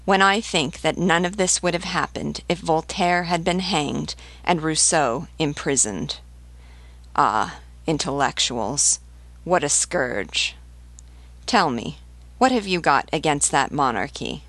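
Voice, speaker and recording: A woman reading as a calm, scornful old marquis. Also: low voice, no room sound, heavily acted. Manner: calm, unhurried, unstressed delivery. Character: aged aristocratic male marquis, calm, scornful, well-bred. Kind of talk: reading a novel aloud.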